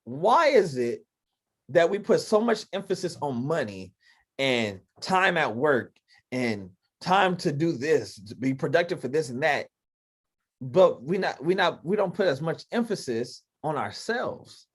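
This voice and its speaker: A man with a fairly high voice hosts a casual podcast chat over a video call. He talks emphatically and loosely, with plenty of fillers and rhetorical questions. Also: very animated, unhurried, breathy edge. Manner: emphatic, conversational, lots of fillers. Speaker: podcast host. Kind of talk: casual faith-based talk on a video call.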